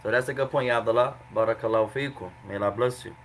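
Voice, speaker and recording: A man's voice: medium pitch, steady tone, racing, slight background noise, low-quality recording. A man teaching an Arabic grammar lesson to a class, explaining patiently and repeating examples.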